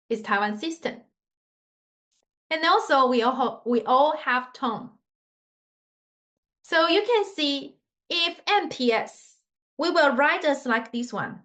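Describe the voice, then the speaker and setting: A woman's voice: high voice, a bit bright. A woman teaching a Mandarin lesson in simple non-native English, patiently demonstrating tones with sung scales. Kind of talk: online language lesson.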